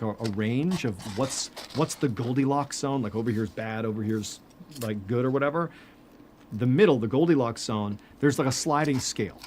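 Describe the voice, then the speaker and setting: A man telling stories in casual chat as a podcast host, animated, with lots of filler words. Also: medium pitch, slight background noise.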